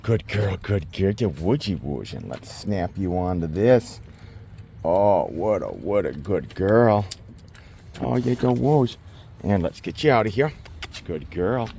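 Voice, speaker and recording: A man working as a dog trainer, explaining his methods while out in a forest and often slipping into high baby talk with the dog. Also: big pitch swings, slow pace, vocal fry, warm tone, a little hiss or hum. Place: outdoors in a state forest.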